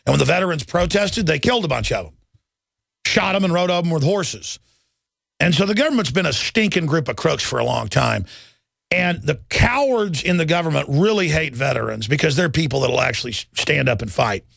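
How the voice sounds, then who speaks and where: A talk radio host man rants emphatically in a heavily gravelly voice. The recording is dry and close, with no room sound. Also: on the high side, expressive, a little fast, a bit bright, dry recording. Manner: emphatic, ranting.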